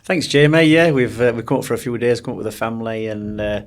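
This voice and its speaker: A man's voice: medium pitch, fast talker. A man, telling rambling stories as a podcast guest with many restarts. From Sheffield, England. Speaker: boxing coach, guest. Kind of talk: casual storytelling interview.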